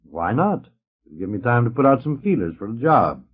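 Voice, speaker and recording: A weary old ham actor, wry and theatrical, his lines rising and falling with lively stage flair, as a man puts him on. He sounds gloomy under the show. The recording is dull and lo-fi. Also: medium pitch, normal speed, slightly rough.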